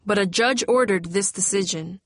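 A woman reading the part of a weary police officer who speaks in a measured, formal, apologetic way. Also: medium pitch, no echo, studio quality, close to an everyday voice. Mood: firm, apologetic.

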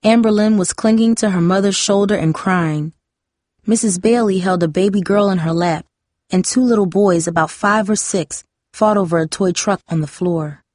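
A woman narrating an audiobook in a measured, dramatic reading style. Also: mid-range voice, darkish tone, no room sound, clean studio sound.

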